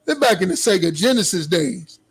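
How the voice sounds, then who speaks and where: A man's voice: sits high, lively intonation, fairly quick, breathy edge, poor audio. A man co-hosting a podcast, telling a story from his youth in a laid-back, slangy way. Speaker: podcast co-host.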